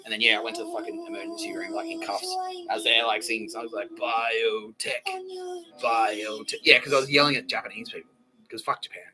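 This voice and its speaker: A man's voice: medium pitch, big pitch swings, very fast, music in the background, rough recording. A man with an Australian accent, hosting a podcast and telling a rambling, profane comic story with frequent laughter. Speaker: podcast host. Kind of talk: rambling comedic monologue.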